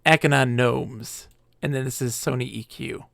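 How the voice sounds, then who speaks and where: Rambling game streamer, dry close mic. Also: male voice, medium pitch, steady tone, normal speed, vocal fry, fairly bright tone, no echo. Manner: enthusiastic, rambling, laughs often. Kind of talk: live game stream commentary.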